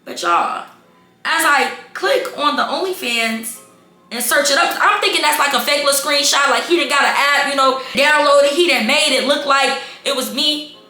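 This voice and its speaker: A woman telling a storytime vlog to her viewers, animated and exasperated, calling them y'all. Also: high voice, normal speed. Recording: echoey room with faint background music.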